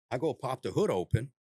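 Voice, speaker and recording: A man, a former narcotics task force officer, telling a story in a casual, animated way, laughing often and swearing freely. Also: medium pitch, husky, dry recording, clean studio sound.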